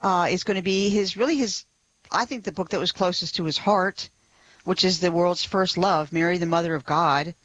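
A woman who is a guest on a radio talk show, explaining her subject with warm enthusiasm and soft laughs. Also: fairly low pitch, normal speed, dry recording, lo-fi sound. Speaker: radio guest, blog writer. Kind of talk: radio interview.

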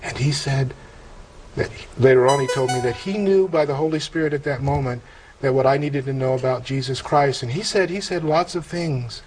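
A middle-aged man earnestly telling a personal spiritual testimony in an interview, halting and emotional, with many pauses and fillers. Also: a little high, darkish tone, a little hiss or hum, rough recording. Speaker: interview guest.

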